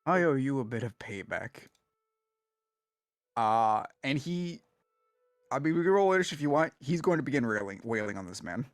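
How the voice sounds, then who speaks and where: A man playing a tabletop game, speaking in a measured, dry way in and out of character. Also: mid-range voice, animated, no room sound, soft background music. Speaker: player.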